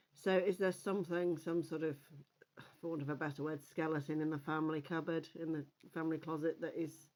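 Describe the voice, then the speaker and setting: A woman doing a casual oracle card reading, chatty and rambling with frequent ums and restarts, encouraging her listeners. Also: on the low side. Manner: encouraging, gently admonishing.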